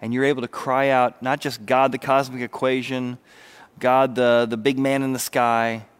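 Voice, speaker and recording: Male pastor, mid-pitched, energetic sermon delivery with hushed intimate moments. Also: normal speed, clear, resonant tone. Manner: animated preaching, drops to soft intimate voice.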